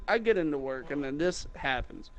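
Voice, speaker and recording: A young man who sells guitars, rambling through a mocking, animated story about rude customers in casual chat. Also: on the high side, normal speed, muffled recording, slight background noise. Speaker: guitar salesman.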